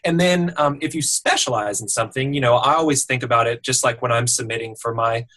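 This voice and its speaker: A man's voice: medium pitch, fast, bright, forceful tone. A man guest on a webinar explaining voiceover advice thoughtfully, with many "you know" fillers. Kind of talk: casual advice talk.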